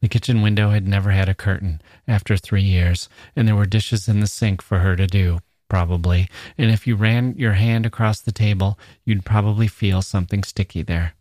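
A man who hosts a podcast, reading a short story aloud at a measured, dramatic pace. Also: on the low side, fairly even intonation, a little mellow, no echo, studio quality. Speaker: podcast host.

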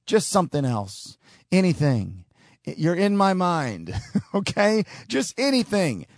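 Guy ranting on his podcast, voice jumping all over, fairly high, dry close sound. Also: takes it slowly, no echo. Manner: animated, ranting, with frequent restarts. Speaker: podcast host. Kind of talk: opinionated solo commentary.

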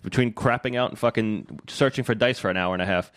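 Fast-talking exasperated guy, dry sound. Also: lowish voice, a bit bright, no room sound. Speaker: podcast guest. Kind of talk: casual chat.

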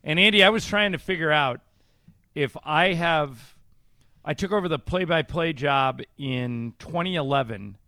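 A play-by-play broadcaster talking in a relaxed way, telling stories over the course of a casual sports radio segment. His voice sits in a middle range and the sound is dry. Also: a little high, unhurried, no room sound. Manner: storytelling, relaxed.

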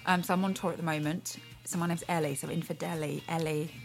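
A woman comedian who talks quickly and chats casually as a radio guest. Her speech is jokey and self-mocking, with a fairly low voice. Faint music plays underneath. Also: steady tone, gravelly.

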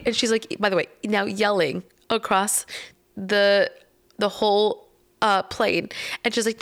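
A woman telling a story in casual podcast chat. She is animated, laughs often and acts out the voices of people she quotes. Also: mid-range voice, a little slow.

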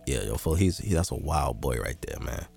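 A man hosting a podcast in casual, slangy chat, animated and teasing. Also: moderate pace, creaky, faint music behind. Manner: slangy, animated, mocks others in a high squeaky voice. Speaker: podcast host.

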